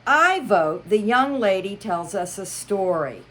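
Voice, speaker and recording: A woman reads as a bored, bossy march hare who sounds impatient and tired of the talk. He speaks at an unhurried pace, with the pitch moving a good deal. It is a storybook creature voice. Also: expressive, fairly bright tone. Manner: impatient, yawning.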